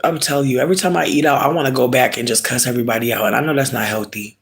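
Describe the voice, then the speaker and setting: A man chatting casually with viewers, ranting in an animated, emphatic, comic way and often stretching words slowly for effect. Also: mid-range voice, vocal fry. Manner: profane, drawn-out slow emphasis. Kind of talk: casual chat.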